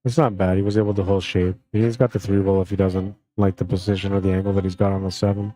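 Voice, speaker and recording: A man commentating a live pool tournament stream in a relaxed, friendly way, reading out chat comments between shots. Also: low-pitched, fast. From Canada.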